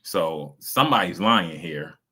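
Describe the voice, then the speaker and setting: A man's voice: sits low, lively intonation, unhurried, bright, forceful tone, husky. A man, reacting to videos on a stream. He talks in a blunt, casual way, profane and mocking. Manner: blunt, profane, mocking, acts out quoted voices.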